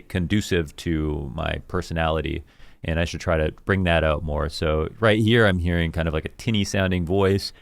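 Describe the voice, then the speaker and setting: A man, an esports caster, thoughtfully reviewing his own commentary in a deep voice, enunciating carefully. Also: clear, resonant tone, dry recording. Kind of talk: reflective self-review.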